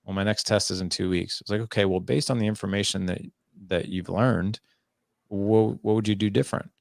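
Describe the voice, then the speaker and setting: Speaking a little fast, a gravelly, low-voiced man in his forties appears as a podcast guest on fatherhood, recorded close and dry without room sound. His conversational stories come alive as he plays both voices in every dialogue.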